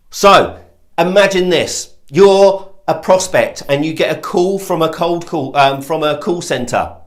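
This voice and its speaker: A man's voice: on the high side, lively intonation, unhurried. A man giving an emphatic lesson on sales calls, stressing key words and demonstrating voice tones. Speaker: sales trainer. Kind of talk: instructional talk to camera.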